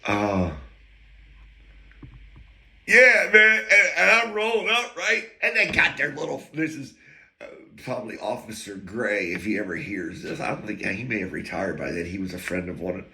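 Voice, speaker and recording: A podcast host with a lowish, sharp-toned voice tells rambling stories in a casual monologue. He laughs between lines and drifts into asides and talk to himself.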